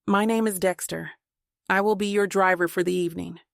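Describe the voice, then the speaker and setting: A woman's voice: mid-range voice, fairly even intonation, fairly quick, creaky, no room sound, studio quality, lightly acted. A woman reading a courteous male chauffeur. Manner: courteous, cheerful. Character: polite male limo driver from Boston.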